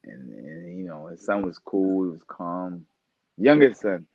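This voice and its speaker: A boxer talking casually as a podcast guest, animated and profane, often laughing. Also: male voice, deep voice, measured pace, breathy edge, dry recording, narrow, tinny audio. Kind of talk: casual interview talk.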